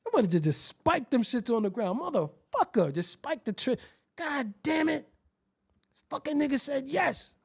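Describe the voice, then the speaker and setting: A man hosting his show, telling a comedic, profane story in an animated way and acting out the quoted voices. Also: very high-pitched, moderate pace, vocal fry. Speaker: show host.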